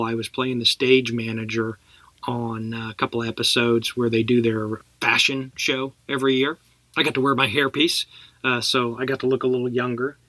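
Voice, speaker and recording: A man's voice: medium pitch, pushed and bright, dry recording. A middle-aged man from Texas, an actor guest telling casual stories in an interview and laughing as he goes. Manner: chatty, laughs through his stories.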